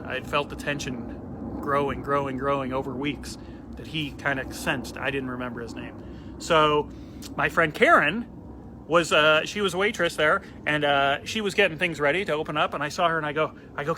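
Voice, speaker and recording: A comedian telling a funny story in a casual, animated way, acting out the quoted lines. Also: male voice, a little high, brisk, a little hiss or hum.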